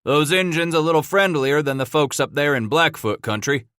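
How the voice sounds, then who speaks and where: A man voicing an angry, loud male fur trapper who grumbles in a blustery frontier drawl, in a storybook reading. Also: fairly high pitch, animated, moderate pace, smooth, no room sound, clean studio sound, voice pushed up.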